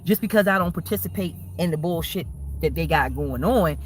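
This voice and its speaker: A woman's voice: fairly low pitch, brisk. A woman talks straight to her livestream viewers in a loose, rambling way, full of profanity. She breaks into laughter again and again. Faint background noise hums under her voice. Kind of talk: casual livestream chat with viewers.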